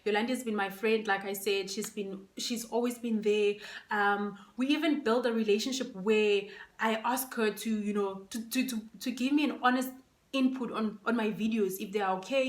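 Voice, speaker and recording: Emotional woman near tears, echoey room. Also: on the high side. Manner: emotional, fighting back tears, many fillers. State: close to tears. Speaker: vlogger. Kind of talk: casual unboxing chat. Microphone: phone camera.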